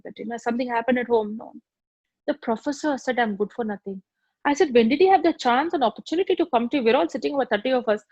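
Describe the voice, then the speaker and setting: A woman with an Indian English accent, teaching a spiritual meditation course and telling stories in a conversational, animated way. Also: a little high, no echo, muffled recording. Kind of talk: spiritual course talk with anecdotes.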